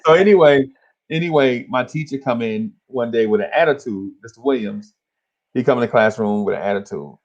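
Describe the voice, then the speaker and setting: A man, co-hosting a podcast and telling an animated story in casual chat. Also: medium pitch, brisk, lo-fi sound. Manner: animated storyteller, acts out voices, laughs along. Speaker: podcast co-host.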